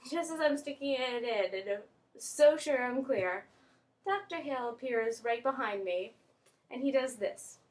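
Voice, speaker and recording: A young woman vlogging, telling a funny school story in an animated way, breaking into squeals and laughs. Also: fairly high pitch, unhurried. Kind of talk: casual storytelling.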